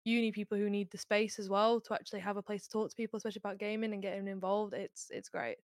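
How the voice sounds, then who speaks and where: A woman's voice: medium pitch, fairly even intonation, no room sound, studio quality. A young woman, a student co-host, chatting upbeat and chatty in a casual interview. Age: young adult. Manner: chatty, upbeat, quick talker.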